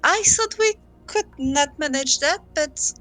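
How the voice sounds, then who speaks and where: A woman taking part in a tabletop game as a player, speaking slowly and deliberately. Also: high-pitched, animated, fairly bright tone, no room sound, soft background music. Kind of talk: tabletop role-play.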